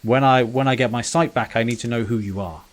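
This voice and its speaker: A man's voice: mid-range voice, fairly quick, close to an everyday voice. A man doing an anxious blinded old man. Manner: pleading, stammering.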